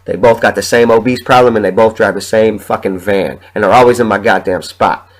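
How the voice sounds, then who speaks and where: A man's voice: fairly low pitch, fairly quick, rough recording. A sick man hosting a podcast, ranting in heated, profanity-laden stories and coughing from a sore chest. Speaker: podcast host. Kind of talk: casual ranting monologue.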